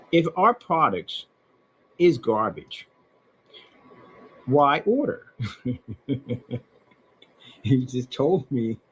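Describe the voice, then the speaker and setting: Husky, sarcastic man ranting. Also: medium pitch, rough recording. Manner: mocking, sarcastic, with scornful repetition; talks straight at the person he is ranting about. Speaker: online seller ranting about a customer. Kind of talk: ranting commentary over emails and receipts.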